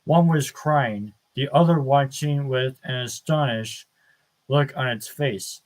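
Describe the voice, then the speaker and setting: A man reading a novel aloud as an audiobook, measured and deliberate, with the odd stumble. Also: mid-range voice, rough recording. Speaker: audiobook narrator. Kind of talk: slow dramatic book reading.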